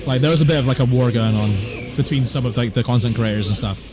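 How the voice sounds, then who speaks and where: A man's voice: mid-range voice, quick pace, over music. A man from southwest England with a West Country accent, chatting casually on a game stream and answering chat in a laid-back way. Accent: West Country English.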